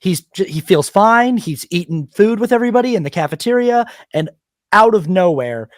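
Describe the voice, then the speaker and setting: A man with a high voice talks films in a relaxed, animated way. He slips into quick put-on voices to act out scenes, recorded close and dry. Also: no echo. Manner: animated, acts out lines of film characters in quick voices. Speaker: podcast co-host. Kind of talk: casual film discussion.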